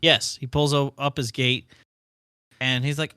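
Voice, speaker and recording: A man's voice: mid-range voice, flat delivery, unhurried, pauses often, pushed and bright, clean tone, no room sound, studio quality. A man playing a tabletop game, chatting hesitantly with fillers and laughs. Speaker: player. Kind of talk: casual play.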